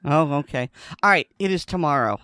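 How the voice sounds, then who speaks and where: A man's voice: a little high, expressive, brisk, bright, forceful tone, smooth, dry recording, clean studio sound. A man co-hosting a casual podcast chat, teasing and telling jokes. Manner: teasing, joking. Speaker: podcast co-host.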